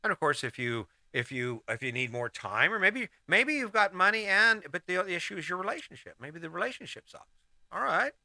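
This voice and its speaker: A man's voice: high voice, big pitch swings, brisk, gravelly, sharp tone, dry recording. A middle-aged man hosting a casual motivational monologue, rambling and restarting his sentences as he gives life advice. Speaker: host.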